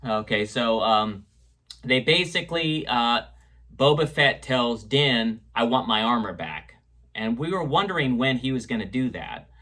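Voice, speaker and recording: A man's voice: mid-range voice, expressive, unhurried, sharp tone. A man reviewing an episode in casual chat, rambling with fillers and restarts as he retells scenes. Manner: retells scenes and echoes quotes. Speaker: show reviewer.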